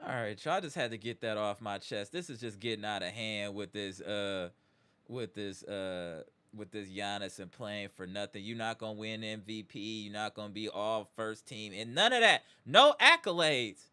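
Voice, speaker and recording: A man's voice: lowish voice, moderate pace, pushed and bright, smooth. A man hosting a live sports reaction stream, ranting emphatically with slang and repeated catchphrases before settling into a game breakdown. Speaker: sports talk show host.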